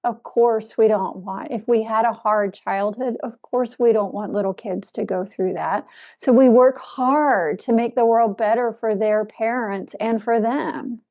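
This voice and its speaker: Slow, reflective woman giving a Zen talk. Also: a little high. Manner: slow, reflective, with soft laughs. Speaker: Zen teacher. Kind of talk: dharma talk.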